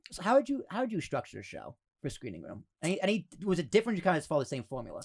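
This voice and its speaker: A man's voice: a little high, huge pitch swings, rapid-fire, vocal fry, darkish tone. A young man hosting a podcast, chatting loosely and casually, dropping the odd swear word. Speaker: podcast host.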